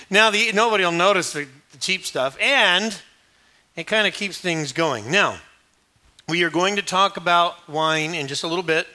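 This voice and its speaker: A man giving a sermon, joking and acting out voices as he tells the story. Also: high voice. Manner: animated, joking storyteller who acts out quoted voices. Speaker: pastor.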